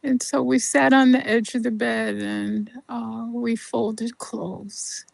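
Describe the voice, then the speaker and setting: An older woman tells a personal story on her podcast, taking her time over every phrase. Her fairly high voice has a gravelly edge and often sinks to a soft near-whisper. The sound is close and dry, with no room around it. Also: flat delivery, slow pace, no echo. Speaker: podcast host.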